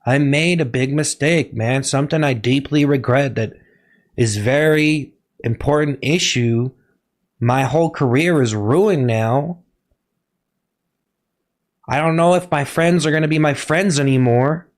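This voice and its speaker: Slow, halting man in a mock-serious confession. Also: medium pitch. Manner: halting and melodramatic, repeating himself; keeps pleading with chat to be quiet. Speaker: live streamer in a comic persona.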